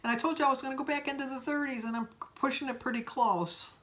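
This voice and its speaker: A woman's voice: high-pitched, fairly even intonation, fast talker, fairly bright tone. A woman vlogger talking casually to her viewers in a rambling, chatty way. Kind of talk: casual vlog chat.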